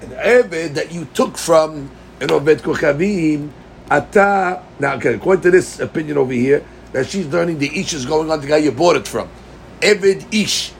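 A man's voice: a little high, moderate pace, vocal fry, slight background noise. A man teaching a Talmud class. He reads the text in a chanting lilt, then explains it plainly and puts questions to his students. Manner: addresses students directly with questions.

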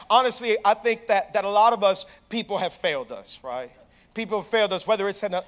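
Young pastor guy preaching, fairly high voice, lively storytelling, keeps asking the crowd stuff. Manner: storytelling, animated, asks the crowd questions. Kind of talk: sermon.

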